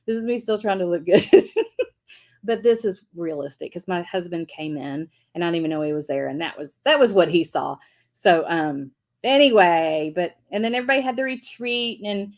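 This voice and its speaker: Chatty, upbeat middle-aged woman. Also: medium pitch. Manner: chatty and rambling, many restarts and fillers; upbeat, laughs often. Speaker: host of a devotional livestream. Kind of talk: casual storytelling chat to viewers.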